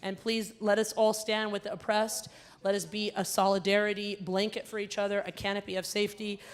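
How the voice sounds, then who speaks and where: Emceeing a gala in a big performing arts hall, a young woman from the Southern United States tells a stand-up story into a handheld microphone. Her delivery is animated, medium-pitched and brisk, getting loud and punchy whenever she performs quoted lines.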